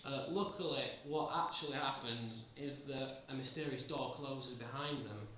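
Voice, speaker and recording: A man's voice: mid-range voice, normal speed, bright, forceful tone, slight background noise. A man improvising a story, hesitant and full of fillers. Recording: roomy, distant amateur recording.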